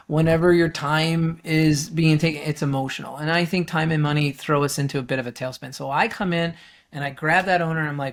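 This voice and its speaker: A middle-aged man, a guest coach on a business podcast, telling stories animatedly and acting out the people he quotes in a raised voice. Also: fairly high pitch. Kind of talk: storytelling in a podcast interview.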